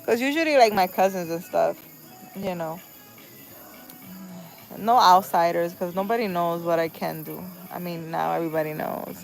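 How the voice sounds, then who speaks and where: A woman's voice: on the low side, moderate pace, creaky, pauses often, faint music behind, low-quality recording. A young woman, a spiritual healer, telling a story in a casual, chatty way. She repeats her phrases and acts out the voices in her retelling. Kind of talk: casual late-night storytelling.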